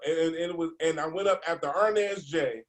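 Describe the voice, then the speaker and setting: A man, a comedian, telling an animated story over a video call, laughing and acting out the voices of other people. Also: on the high side, brisk. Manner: laughing, acts out voices in his stories. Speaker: comedian guest.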